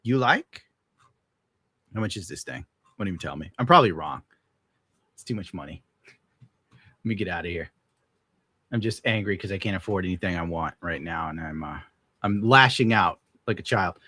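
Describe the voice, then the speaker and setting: In a dry recording, a young adult man's husky, sharp-toned voice comes through animated and slightly fast, with frequent pauses. The podcast host rants casually on his livestream, sarcastic and exasperated, cursing a lot and erupting into high-pitched outrage.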